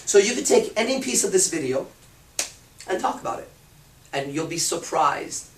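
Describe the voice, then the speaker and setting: Brief: profane, emphatic male seminar speaker, a bit high, heard from a distance in an echoey room. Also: a bit bright. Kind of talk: live seminar talk. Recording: roomy hall, speaker off-mic.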